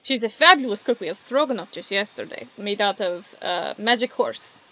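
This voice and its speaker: A woman's voice: medium pitch, lively intonation, normal speed, sharp tone, dull audio. A woman running a tabletop role-playing game as game master, narrating scenes and laughing often. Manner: laughs often, voices characters.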